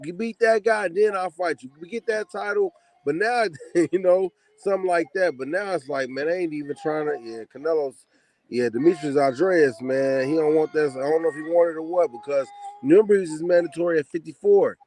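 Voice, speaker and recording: Man with a loose, halting delivery. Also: on the high side, darkish tone. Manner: loose, halting, repeats words. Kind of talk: casual boxing talk.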